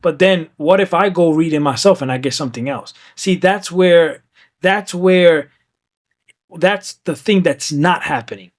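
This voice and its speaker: A man's voice: fairly high pitch, measured pace, no echo, clean studio sound. A man in casual podcast conversation, talking emphatically and often checking in with "right?", sometimes slipping into Spanish. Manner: switches into Spanish at times.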